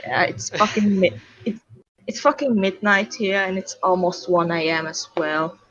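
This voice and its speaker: A woman's voice: medium pitch, moderate pace, a bit bright, no room sound. A woman from Switzerland with a Swiss German accent, chatting casually and swearing freely on a late-night stream. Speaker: stream co-host. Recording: dull, lo-fi stream audio.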